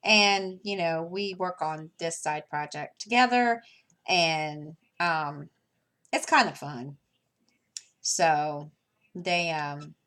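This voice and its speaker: With a deep, fairly bright voice, a crafting vlogger takes her time chatting as she works on a craft project. She rambles casually, restarting often, filling pauses, and chuckling between thoughts.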